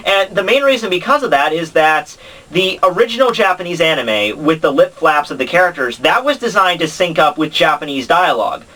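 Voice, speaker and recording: A young man with a bright, fairly high voice talks through anime dubs in a loose, rambling way, full of "uh" and restarts. He sits a little back from the mic, so the sound is a touch distant. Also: very animated, a little fast. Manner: rambling, many fillers and restarts. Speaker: anime commentary vlogger. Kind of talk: casual explanatory commentary.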